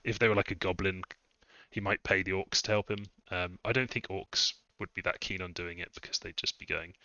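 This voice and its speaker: A man's voice: low-pitched, fairly even intonation, fairly quick, bright, forceful tone, dry recording. A man thinking aloud as he live-streams a strategy game, musing over his moves. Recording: dull lo-fi dry mic sound.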